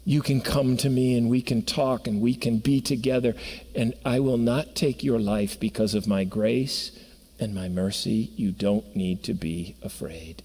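A man voicing a gentle and comforting divine figure, speaking softly, slowly and reassuringly in a sermon. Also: medium pitch, steady tone, husky, voice pushed down. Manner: soft, slow and reassuring. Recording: long reverb of a church hall.

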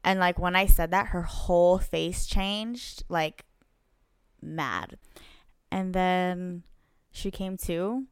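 A woman with a lowish, smooth, resonant voice tells a story on a casual podcast. She is animated and swears freely, acting out other people's lines as she goes. She is recorded dry and close on a podcast mic. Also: slow pace, no echo. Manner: animated, swears freely, plays out quoted dialogue. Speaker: podcast co-host.

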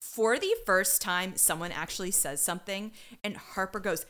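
A woman's voice: medium pitch, moderate pace, hardly any pauses, fairly bright tone. Wry, casually swearing woman co-host. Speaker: podcast co-host. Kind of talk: casual recap chat.

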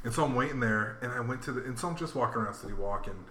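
A man with a bright, forceful voice ambles through a story in casual chat, circling back and piling on fillers. The sound carries a roomy echo with a faint hum of room noise underneath. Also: mid-range voice, racing. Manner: rambling, laid-back, lots of fillers. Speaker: podcast co-host.

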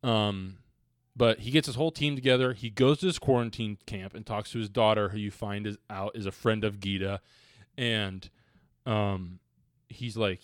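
Animated, swearing young man. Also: fairly low pitch, moderate pace, no echo, studio quality. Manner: animated, profane, laughs often, acts out quotes. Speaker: podcast co-host. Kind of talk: casual movie recap chat.

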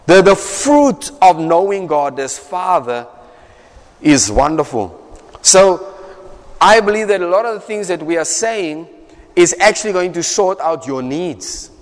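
A man's voice: high voice, very animated, measured pace. A man preaching a sermon in a conversational way, repeating phrases and often asking "right?". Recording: echoey hall.

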